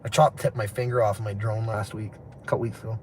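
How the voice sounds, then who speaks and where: Out on city streets, a man livestreams from his phone in a lowish, level voice, talking fast and rambling from one thought to another. He laughs a lot and swears casually, with faint street noise beneath him.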